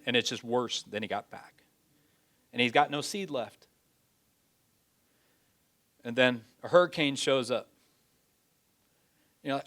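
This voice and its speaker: A man preaching a sermon, folksy in his phrasing, swinging from loud pleading to hushed, near-whispered lines. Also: mid-range voice.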